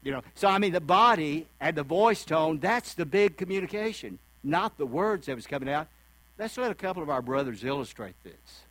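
A man's voice: on the high side, expressive, a little fast, a bit bright, dry recording, rough recording. A male preacher giving a sermon in a folksy, conversational way, acting out the voices of people he quotes.

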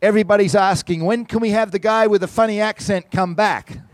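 A man's voice: sits high, fairly even intonation, brisk, no room sound, pitched above the performer's own voice, lightly acted. A man putting on a chirpy care-home director lady on the phone. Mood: eager.

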